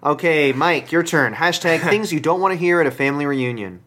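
Sex: man. Role: podcast host. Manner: halting, dry. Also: fairly high pitch, a bit bright. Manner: halting, filler-heavy, dry. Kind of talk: running a podcast game segment.

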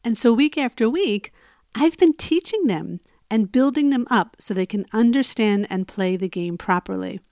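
A woman recounts a story from her own life in a conversational voice that sits on the higher side. She stays plain and matter-of-fact, then turns emphatic when she relives the argument. The recording is close and dry, with no room sound. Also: expressive, normal speed, a little mellow, no echo. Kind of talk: personal storytelling.

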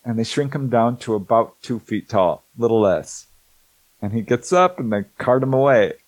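A middle-aged man telling stories in a casual, animated way, acting out the people he quotes and laughing often. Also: mid-range voice, moderate pace, no echo, low-quality recording. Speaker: host, author on alien abduction cases. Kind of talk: casual storytelling talk.

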